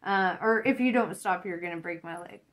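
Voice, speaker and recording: A woman voicing a calm, stoic male slave who speaks matter-of-factly. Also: sits high, a little fast.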